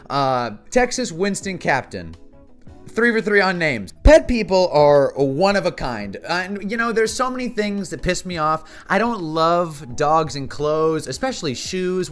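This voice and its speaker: A man vlogger ranting to camera in an exasperated, animated way, swearing often. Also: high voice. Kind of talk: casual comedic rant to camera.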